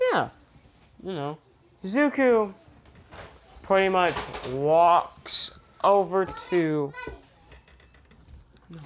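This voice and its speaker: A woman's voice: lowish voice, muffled recording. A woman improvising a fan-fiction story aloud, rambling with lots of restarts and fillers. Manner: rambling, full of "you know" and restarts.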